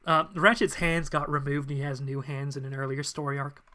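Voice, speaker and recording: A man's voice: a little high, level tone, brisk, hardly any pauses, sharp tone. A man hosting a stream, chattily retelling comic scenes with casual asides. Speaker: channel host. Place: home streaming setup.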